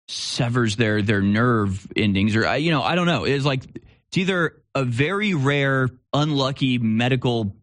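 A man's voice: mid-range voice, a bit bright, no room sound, studio quality. A man hosting a live commentary show, talking in a rambling way with restarts and sarcastic asides. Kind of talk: casual opinion commentary.

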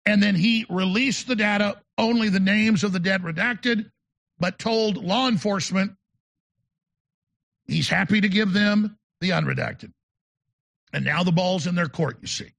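Gravelly high-voiced man ranting. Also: measured pace, fairly bright tone. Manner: emphatic, rambling, repeats words. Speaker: show host. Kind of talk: talk radio monologue.

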